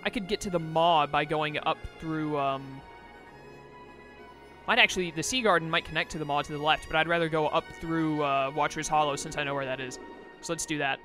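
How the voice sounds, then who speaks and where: A man's voice: fairly high pitch, a little fast, sharp tone, soft background music. A young man casually commenting on a video game as he plays, often exasperated and talking back to the game. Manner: exasperated, chatty, talks to the game. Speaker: let's play host.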